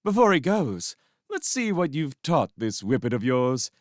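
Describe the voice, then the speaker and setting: A man voicing a smug, sneering young male magician who talks in a mocking, sharp-edged way. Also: medium pitch, big pitch swings, a little slow, no room sound, studio quality, voice pushed up.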